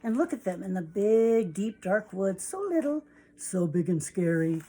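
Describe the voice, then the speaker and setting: A woman reading a picture book aloud to children, animated and expressive. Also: medium pitch, measured pace, husky, rough recording.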